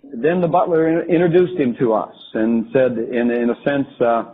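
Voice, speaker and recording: A man telling a first-person account of a vision, halting and restarting as he goes. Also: medium pitch, slight background noise. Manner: halting, with frequent restarts and fillers. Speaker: storyteller recounting a religious vision. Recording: tinny phone-like lo-fi recording.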